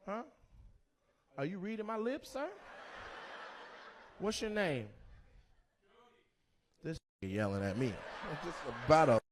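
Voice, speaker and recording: A man doing stand-up crowd work in a comedy club, loud and teasing, and slipping into playful mock voices. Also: high voice, wildly swooping pitch, takes it slowly, pauses often, slight background noise. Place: comedy club stage before a live audience.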